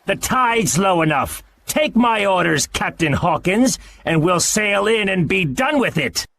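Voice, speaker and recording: A man voicing a wounded, gruff old pirate who growls and drawls his words in an audiobook. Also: high-pitched, sing-song, unhurried, a bit bright, voice pushed up, exaggerated voice. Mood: commanding. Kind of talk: audiobook character voice.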